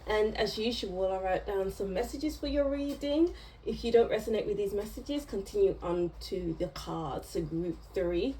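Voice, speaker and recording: Woman, tarot reader, casual reading to camera, unhurried, warm mellow tone, chatty, meandering. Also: on the high side, rough recording. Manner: chatty and meandering, breaks into small laughs.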